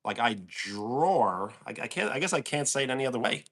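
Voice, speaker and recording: A man with a New York accent hosts a livestream, chatting casually and reading viewers' comments out loud before answering them. His medium-pitched voice is gravelly and bright, delivered rapid-fire with a forceful tone. He comes across as easygoing.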